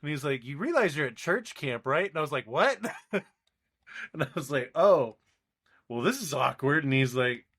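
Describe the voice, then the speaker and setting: A man's voice: mid-range voice, lively intonation, a little fast, fairly bright tone. Young man telling a rambling story. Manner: rambling, acts out quoted people. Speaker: podcast co-host. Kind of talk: casual storytelling chat.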